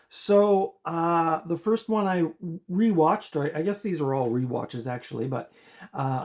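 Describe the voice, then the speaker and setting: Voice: medium pitch, a little mellow. A middle-aged host talks through recent movie viewing in a loose, casual home vlog. The talk wanders and stalls often, with frequent fillers and sighs, in a mid-range voice. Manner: rambling and hesitant, many fillers and sighs. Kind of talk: casual movie review chat. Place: home apartment.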